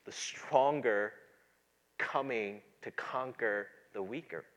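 A pastor preaching a sermon, moving between quiet, low asides and loud, emphatic passages. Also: male voice, slow.

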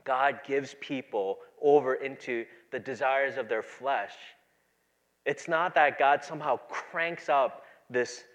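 A pastor preaching a sermon, moving between quiet, low asides and loud, emphatic passages. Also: male voice, slow, lo-fi sound.

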